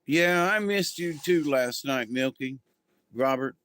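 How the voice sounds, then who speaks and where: Slow rambling man, spiritual chat. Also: mid-range voice, expressive, a bit bright. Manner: rambling, easygoing, many ums and restarts. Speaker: spiritual channel host. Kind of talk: casual spiritual livestream talk.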